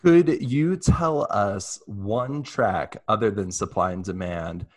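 A man's voice: fairly low pitch, slow, darkish tone. A man hosting a casual interview, chatty and effusive, asking long rambling questions. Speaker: podcast host.

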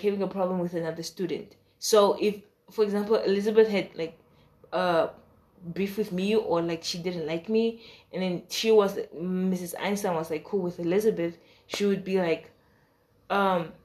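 A woman telling a story in a casual, chatty way, with slang, asides and laughter, acting out the voices of the people in her story. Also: medium pitch. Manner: animated, acts out quoted dialogue with shifting voice.

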